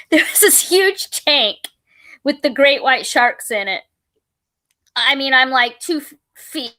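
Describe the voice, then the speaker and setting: Middle-aged woman host, high bright voice, dry close sound, chatty and rambling. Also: slow, no echo. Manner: rambling, full of restarts and fillers, animated retelling. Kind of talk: casual storytelling chat.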